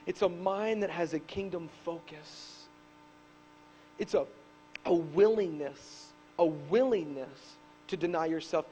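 A man preaching a sermon to a live congregation, swinging between loud emphatic bursts and hushed asides. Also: on the high side, dull audio, a little hiss or hum. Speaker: pastor. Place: church service with a live congregation.

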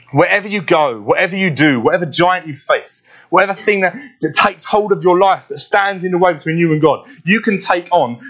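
Man, pastor, conversational sermon, fairly high voice, dull lo-fi recording. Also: fairly bright tone. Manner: conversational, keeps asking "yeah?".

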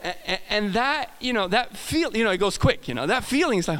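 Chatty Swedish-accented preacher, high voice. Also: male voice, very animated, fairly quick, a bit bright, clean tone, big-room sound. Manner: chatty, self-correcting, jokes with the audience. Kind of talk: casual sermon.

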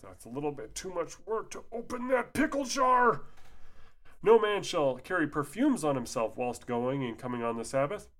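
Sarcastic man reading and mocking. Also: mid-range voice. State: sleepy, yawning. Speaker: commentator. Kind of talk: reading aloud with commentary.

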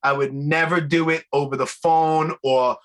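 A man's voice: a little high, fairly even intonation, normal speed, a bit bright. A man hosting a podcast on a video call from his bedroom, easygoing and swearing freely. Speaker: podcast host. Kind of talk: casual interview chat. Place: bedroom at home.

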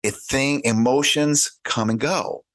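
A man of middle pitch talking as a podcast guest, earnest and practical. He illustrates his advice by slipping into quick mock dialogues. His voice sits close and dry, with no room sound around it. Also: fairly bright tone, dry recording. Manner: earnest, explains by acting out little dialogues. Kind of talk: conversational advice talk.

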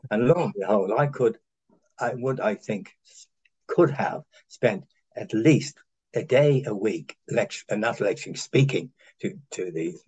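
Older man, from Ireland, husky, low-pitched, halting and rambling, interview guest. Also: lively intonation, a little mellow, rough recording. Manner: halting, full of restarts and chuckles. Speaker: interview guest, former honorary consul. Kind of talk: rambling anecdotal conversation.

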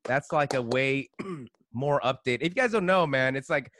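A man's voice: mid-range voice, expressive, a bit bright, dry recording, studio quality. A man hosting a casual podcast talk, hesitant and full of restarts, often tacking "man" onto his sentences. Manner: halting, restarts often, says "man" a lot. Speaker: podcast host.

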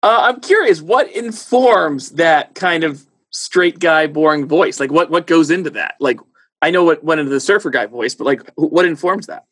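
A man's voice: fairly high pitch, normal speed, fairly bright tone, breathy edge. A man hosting an interview, asking curious and chatty questions. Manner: curious, chatty, many likes. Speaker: interviewer host.

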